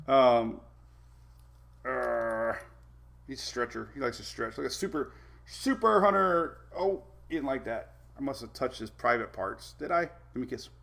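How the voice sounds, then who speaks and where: A man's voice: mid-range voice, animated, measured pace, vocal fry, pauses often, a bit bright. A man hosting a casual weather live stream, chatty, laughing often and talking to his dogs between updates.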